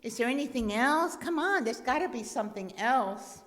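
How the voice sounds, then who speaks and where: A woman's voice: on the high side, lively intonation, normal speed, voice pushed up, natural voice. An eager young male student, as a woman puts him on, pleading and pressing with impatient questions in a raised voice. His words ring out with a long church-hall reverb.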